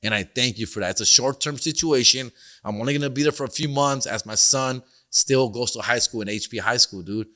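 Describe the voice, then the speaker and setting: A man's voice: medium pitch, a little fast, sharp tone. A middle-aged man hosting a podcast, telling stories in a casual, profane, slangy way and mixing in Spanish phrases. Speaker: podcast host and comedian. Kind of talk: casual storytelling monologue.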